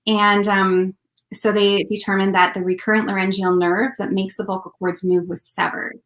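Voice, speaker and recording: A woman, a country singer, recounts her experience in an earnest, heartfelt way. Her speech is loose and conversational, with frequent ums and uhs as she talks, and her pitch sits in a middle range. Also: little pitch movement, normal speed, fairly bright tone. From Canada. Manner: earnest, heartfelt, many fillers. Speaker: country singer, interview guest. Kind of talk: casual interview storytelling.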